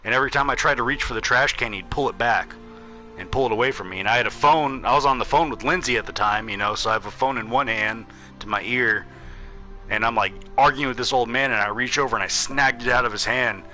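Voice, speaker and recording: Sharp-voiced man telling a rambling story. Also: mid-range voice, quick pace, soft background music. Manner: rambling, profane, with lots of fillers and acted quotes. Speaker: gaming channel host. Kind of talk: casual storytelling while gaming.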